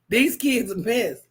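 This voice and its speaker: A woman hosting a casual livestream, telling stories in an animated, preachy way with call-and-response asides to her viewers. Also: fairly high pitch, slightly rough. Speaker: host.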